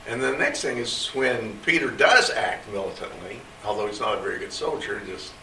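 A man's voice: fairly low pitch, expressive, moderate pace, noisy background. A man in a Bible class discussion, thoughtfully retelling scripture in plain words. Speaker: class member. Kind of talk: group discussion. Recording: roomy and distant from the mic.

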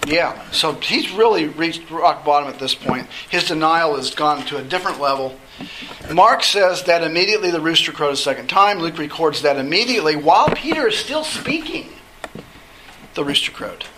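A man leads a Bible study group in a relaxed, conversational way and keeps checking in with his listeners. His voice is bright and sits a little high. Faint background noise sits behind him. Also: a little fast, low-quality recording. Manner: checks in often with "okay?".

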